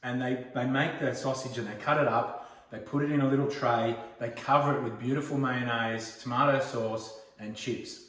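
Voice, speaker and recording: A man in his forties with an Australian accent, chatting casually as he hosts a home cooking video and tells rambling stories. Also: mid-range voice. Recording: roomy echo, mic far off.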